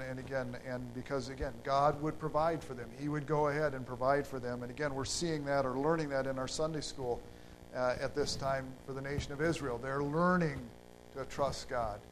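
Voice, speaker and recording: A man preaching a sermon in an unhurried, halting way, with fillers and restarts. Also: medium pitch, fairly even intonation, background noise.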